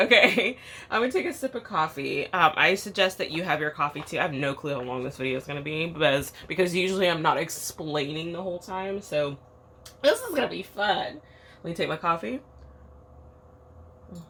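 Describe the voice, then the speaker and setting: A woman's voice: lowish voice, a bit bright, a little hiss or hum. A woman with a groggy morning voice, chatting bluntly and rambling with fillers in a casual vlog from a treehouse. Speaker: tarot vlogger. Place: outdoor treehouse.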